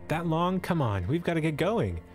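A man's voice: fairly high pitch, very animated, normal speed, faint music behind, pitched above the performer's own voice. A man voicing a young adventurer who speaks urgently and anxiously. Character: young male adventurer worried for his uncle.

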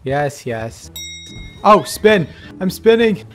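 Excitable man doing game commentary. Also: high-pitched, slow, soft background music. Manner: excitable, frequent laughs and exclamations. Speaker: gaming YouTuber. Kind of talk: let's play commentary.

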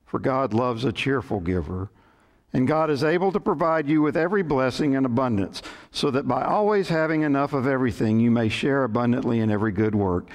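A man preaching a sermon, reading scripture in a measured way and telling light jokes, lifting his voice for the characters in them. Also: mid-range voice, darkish tone. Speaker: pastor. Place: church sanctuary.

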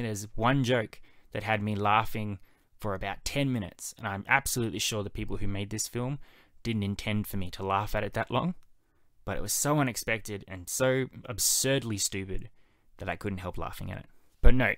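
Male podcast film reviewer, slightly low pitch, dry recording, wry measured delivery. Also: no echo. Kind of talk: solo spoken movie review.

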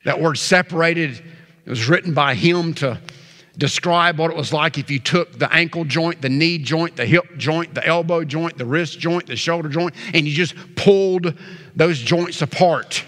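A man preaching a sermon as pastor, emphatic, slowing down and pausing on key words. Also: fairly high pitch, a bit bright. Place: church sanctuary. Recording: church sanctuary reverb.

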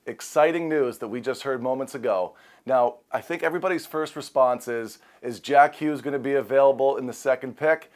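A man talking eagerly as a hockey analyst, a little out of breath, in excited direct-to-camera commentary. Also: medium pitch, brisk. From Canada. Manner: eager, emphatic.

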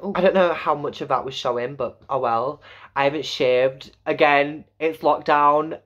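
A man's voice: a bit bright, highs cut off. A young man from Yorkshire with a Yorkshire accent, chatting casually and going off on tangents in a home makeup vlog. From Yorkshire, England. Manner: chatty and tangential, with sudden high exclamations. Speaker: vlogger. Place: home bedroom.

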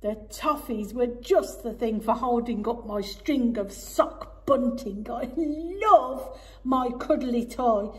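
A woman voicing a grumpy old female owl in a children's storybook, slow and drawn-out. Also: on the high side, a little mellow. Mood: delighted.

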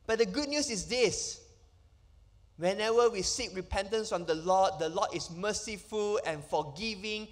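A man's voice: high voice, fairly bright tone. A man, a pastor preaching an emphatic sermon full of rhetorical questions in a church sanctuary. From Malaysia. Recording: long reverb of a church hall.

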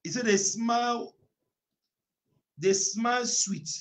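A man with an extremely high-pitched voice preaches during an online prayer meeting, emphatically reading scripture, going back over phrases, and erupting into prolonged shouts.

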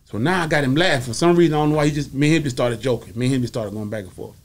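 A man's voice: mid-range voice, racing, hardly any pauses. A male comedian telling a story as a talk-show guest in a casual, profane way, acting out each voice in it. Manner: animated, acts out every voice in his story.

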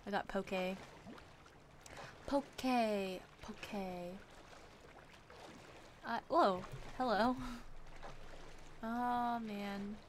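A woman's voice: a little high, steady tone, slow pace, pauses often, slight background noise. A young woman streaming a game, chatting casually, reading chat aloud and poking fun at herself. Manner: chatty, self-deprecating, reads chat aloud.

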